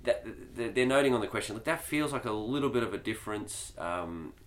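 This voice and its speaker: A man's voice: lowish voice, animated, fairly quick. A man hosting a church podcast, reading listener questions in a casual manner with lots of ums and uhs. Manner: casual, hesitant with many fillers. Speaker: podcast host. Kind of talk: podcast discussion.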